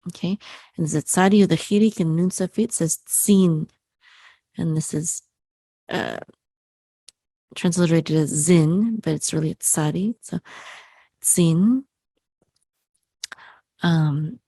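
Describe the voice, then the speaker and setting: Slow, patient woman teaching Hebrew. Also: on the low side, darkish tone, dry recording. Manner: spells out letters and vowels slowly, with many ums.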